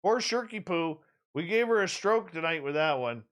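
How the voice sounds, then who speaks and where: A male radio show host in loose, casual chat. He teases and jokes. His voice rises and falls with a lively, swinging intonation. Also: sits high, moderate pace. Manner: joking, teasing, animated.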